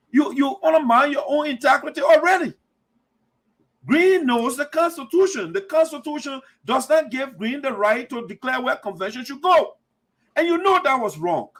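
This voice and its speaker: A man's voice: extremely high pitch, a bit bright. A man hosting a heated, preachy commentary show, repeating himself and accusing people. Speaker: community radio commentator.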